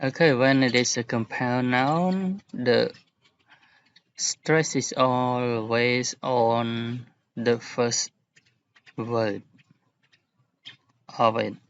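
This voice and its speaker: Slow, patient male English teacher. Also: medium pitch, steady tone, muffled recording. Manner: slow, explaining patiently with examples. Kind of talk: recorded classroom lesson.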